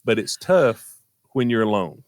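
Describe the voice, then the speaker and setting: A man's voice: fairly low pitch, very animated, unhurried, a little mellow, no room sound. An older man, co-hosting a radio show and telling a story in casual chat, laughing through his punchlines.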